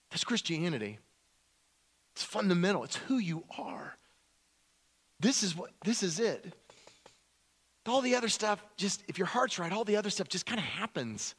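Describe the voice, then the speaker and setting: A male pastor preaching with a lot of energy, often restarting and repeating himself. He acts out short quotes as he goes, in a fairly high voice. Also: moderate pace. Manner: animated, repetitive, acts out quotes. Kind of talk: sermon.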